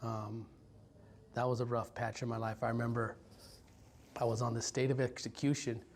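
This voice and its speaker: A man in his forties from Stockton, California, recounts his life in an interview. He speaks in a halting, reflective way with frequent ums and restarts, and his mid-range pitch barely rises or falls. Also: level tone, gravelly, slight background noise. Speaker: violence prevention worker. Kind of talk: personal story told in an interview.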